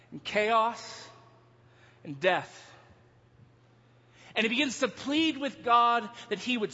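A man preaching a sermon, telling a story in an animated way, now and then breaking into yelling. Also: extremely high pitch. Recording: dull sound, long hall reverb.

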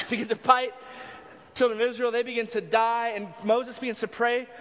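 A man's voice: extremely high pitch, little pitch movement, normal speed, fairly bright tone. A man preaching a sermon as pastor, earnest and repeating words as he builds each point. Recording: dull sound with long reverb in a hall.

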